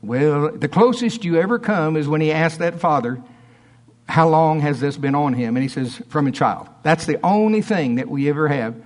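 A man preaching in church with a folksy, emphatic delivery. His voice sits a little higher than usual for a man. He swings from loud, driving lines down to quiet, offhand asides. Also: lively intonation, moderate pace. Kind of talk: sermon.

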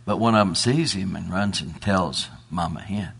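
Gravelly, husky, slow-talking preacher man. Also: low-pitched. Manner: folksy, builds to loud exhortation. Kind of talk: sermon storytelling.

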